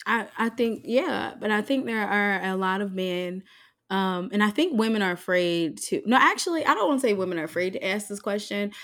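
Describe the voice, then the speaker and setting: A woman in casual chat, brash and animated, often breaking into laughter. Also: mid-range voice, brisk.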